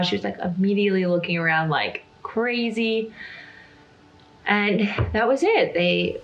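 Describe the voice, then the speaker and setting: A woman vlogger talking straight to camera in a relaxed, candid way, her speech peppered with "like" and "um". Her voice sits a little low for a woman, and soft music plays faintly behind her. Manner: chatty, full of "like" and "um", candid. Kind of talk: casual storytelling to camera.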